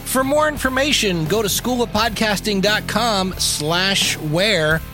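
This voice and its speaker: A male podcast host giving brisk, upbeat announcements about where he will be. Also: sits high, music in the background. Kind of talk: show announcements.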